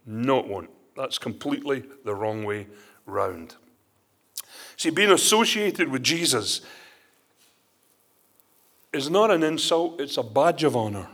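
Animated male preacher with a lively voice. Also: mid-range voice, unhurried, long pauses, slightly rough. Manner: animated storytelling preacher with rising emphasis. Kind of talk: sermon.

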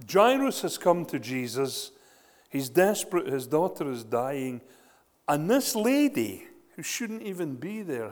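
A man preaching a sermon, retelling scripture with animated storytelling and frequent rhetorical questions. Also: on the high side, big-room sound.

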